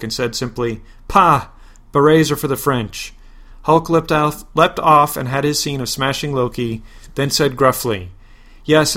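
A man hosting a podcast, reading a parody superhero story in a deadpan way, flatly spelling out web addresses and asides. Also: mid-range voice. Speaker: podcast host.

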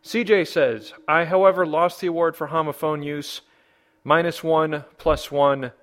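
A man's voice: fairly high pitch, steady tone, unhurried, fairly bright tone. A man hosting a podcast who reads listener comments in a joking, rambling way. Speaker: podcast host. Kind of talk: casual podcast banter.

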